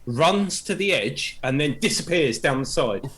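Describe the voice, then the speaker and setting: A man's voice: fairly high pitch, expressive, unhurried, fairly bright tone. Playful man narrating his character's moves. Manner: joking, playful. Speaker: player. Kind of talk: narrating his character's actions in a tabletop game.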